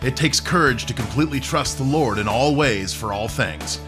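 A man reading a calm, scripted introduction as a radio program announcer. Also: mid-range voice, moderate pace. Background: instrumental music.

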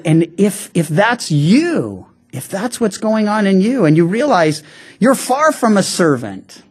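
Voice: medium pitch, a little mellow. Conversational pastor preaching a sermon. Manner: conversational preaching, slowing down on key phrases; frequent restarts and stammered repeats.

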